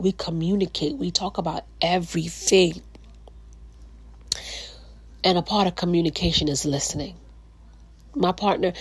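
Casting: chatty female podcast host, husky low-ish voice, dry close mic. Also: a little mellow, no room sound. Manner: chatty, many fillers and restarts, laughs often. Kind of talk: casual relationship talk.

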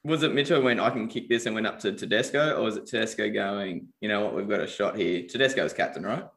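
A man's voice: on the low side, quick pace, gravelly, fairly bright tone. An Australian man co-hosting a podcast, giving laid-back opinions and teasing his co-host in casual sports talk. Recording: echoey room.

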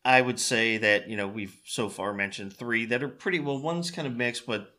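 A man co-hosting a laid-back podcast, speaking at a middle pitch with a very bright tone. He feels his way through sentences, restarting phrases. The talk stays relaxed. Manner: halting, restarts phrases while thinking aloud. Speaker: podcast co-host. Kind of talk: casual chat.

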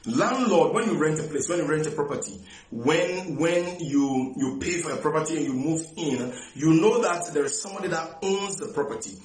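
A man's voice: fairly high pitch, animated, moderate pace, roomy sound, poor audio. A man preaching a sermon, repeating key phrases emphatically and often restarting his sentences.

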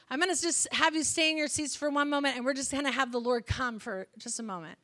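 Bright high-voiced woman preaching. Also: fast, hardly any pauses. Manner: animated storytelling, laughing often. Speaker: guest speaker. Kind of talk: sermon. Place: prayer room.

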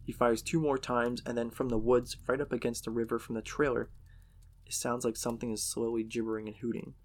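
A man's voice: mid-range voice, flat delivery, brisk. A man casually narrating a horror story in a profane, conversational way.

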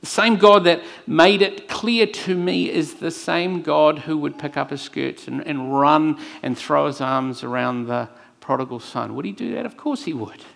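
A man preaching a sermon and telling a personal story, earnest, moving between hushed lines and emphatic ones. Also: fairly high pitch, a little slow, vocal fry. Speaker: pastor.

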